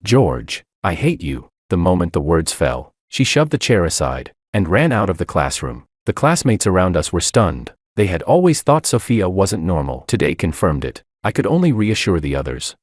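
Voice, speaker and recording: Deep, expressive male story narrator. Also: moderate pace, few pauses, no room sound, studio quality. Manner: dramatic, expressive reading. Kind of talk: scripted first-person story narration.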